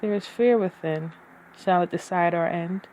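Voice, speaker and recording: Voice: medium pitch, normal speed, darkish tone. A poet giving a dramatic, brooding poetry reading with uneven pacing.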